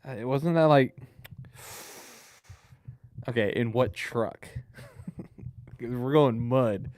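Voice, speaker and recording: A man's voice: medium pitch, drawn-out words, a little mellow, no room sound, studio quality. A young man co-hosting a casual motorsport podcast, laughing often and teasing. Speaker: podcast co-host.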